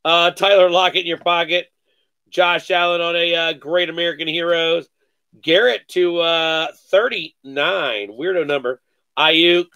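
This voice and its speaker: A man hosting a live sports card break, calling out each card with excited slang and cursing. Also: a little high, smooth, no echo. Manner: excited, calls out cards rapidly with slang and cursing.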